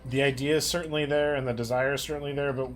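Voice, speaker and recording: A man hosting a casual livestream, reading chat questions aloud in a relaxed, chatty way. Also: medium pitch, fast talker, slight background noise. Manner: relaxed, chatty, laughs easily. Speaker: stream host reading chat.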